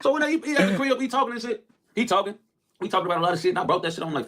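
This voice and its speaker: A man telling stories in a loud, excitable rant, laughing through them. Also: sits high, rapid-fire. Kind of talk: animated storytelling rant.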